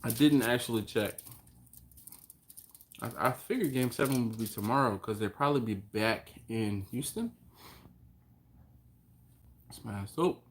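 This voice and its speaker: A man hosting a casual live stream, greeting viewers by name and reading their comments, easygoing and quick to chuckle, recorded on a phone at home. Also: medium pitch, a little hiss or hum. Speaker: host of a barbecue live stream. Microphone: phone on a mount.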